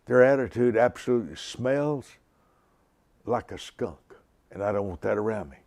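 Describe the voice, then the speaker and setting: A man in his seventies preaching a sermon slowly and emphatically, repeating key lines. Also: fairly low pitch, expressive, vocal fry, darkish tone, dry recording. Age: 70s. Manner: slow, emphatic preaching with repetition.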